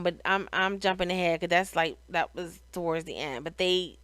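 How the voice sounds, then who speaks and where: A woman's voice: on the low side, moderate pace, few pauses, fairly bright tone, clean tone, no room sound. A middle-aged woman giving a casual, opinionated reality show recap, sighing and restarting her sentences as she talks. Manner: chatty, opinionated, frequent sighs and restarts.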